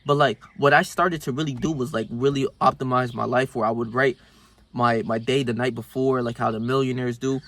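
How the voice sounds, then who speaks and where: A young man tells a rambling personal story straight to the camera, with constant slang and profanity. His voice sits in an ordinary middle pitch, and it jumps up and gets louder whenever he acts out what he and his friends said. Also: brisk. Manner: slangy, profane, animated when reenacting scenes. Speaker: self-improvement vlogger. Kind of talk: casual storytelling monologue.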